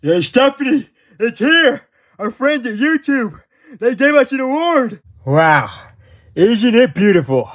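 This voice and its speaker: A man's voice: very high-pitched, very animated, measured pace, a bit bright, exaggerated voice. A man voicing a proud male wrestling general manager who gives showy thanks.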